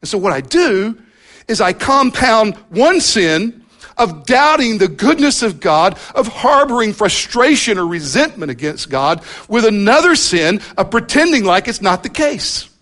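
A man preaching a sermon to his congregation, earnest and drawing out key words with slow emphasis. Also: sits high, sing-song, a bit bright. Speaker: pastor. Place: church service with congregation present.

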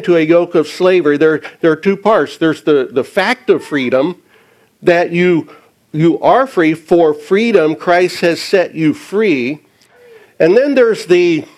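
A man preaching a sermon, speaking deliberately and repeating key words for emphasis. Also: a little high, a little mellow, poor audio. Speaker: pastor.

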